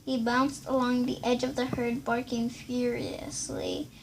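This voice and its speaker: A woman reading a children's book aloud, stumbling and restarting now and then, in a creaky voice over steady background noise. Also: fairly high pitch, a little slow. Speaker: reader.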